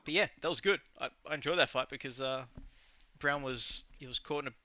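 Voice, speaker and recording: Here a young Australian podcast co-host rambles through a casual fight recap, loose, enthusiastic and occasionally swearing. His medium-pitched voice is fairly quick and sharp in tone. The audio has no echo but is slightly muffled and lo-fi.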